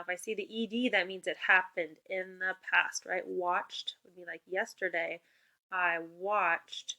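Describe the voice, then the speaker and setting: Bright-voiced upbeat woman teaching spelling. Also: mid-range voice. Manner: upbeat, encouraging, clear call-and-response prompts. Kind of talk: remote spelling lesson for young children.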